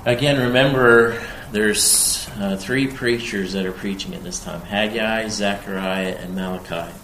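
This preacher delivers an expository sermon slowly and deliberately, his lowish, steady voice carrying a bright, forceful tone that swells with emphasis on quoted verses. The audio is roomy and echoing, with a faint hum in the background.

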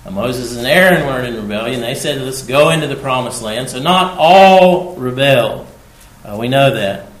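A man preaching a sermon, repeating his key phrases for emphasis and swinging between hushed and loud delivery. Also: medium pitch, a little fast, hardly any pauses, reverberant, low-quality recording.

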